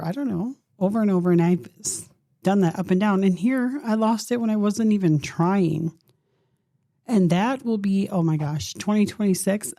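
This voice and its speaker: A woman in her fifties hosts a solo podcast in a low, gravelly, mellow voice, recorded dry and close. She talks in an earnest, open way, thinking aloud and encouraging her listeners straight to them. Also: no room sound. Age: 50s. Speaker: podcast host. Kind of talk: reflective solo podcast talk.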